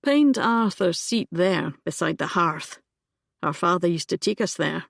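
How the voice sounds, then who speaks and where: A woman voicing a wry, understated young gentleman. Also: on the low side, lively intonation, a little slow, gravelly, dry recording, clean studio sound, heavily acted. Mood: hesitant.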